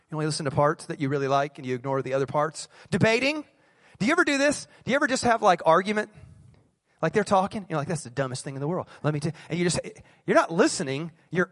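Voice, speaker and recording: Lively, chatty male pastor preaching. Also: high-pitched, no echo, studio quality. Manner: conversational preaching, quizzes the congregation and acts out quick asides. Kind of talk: sermon. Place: church.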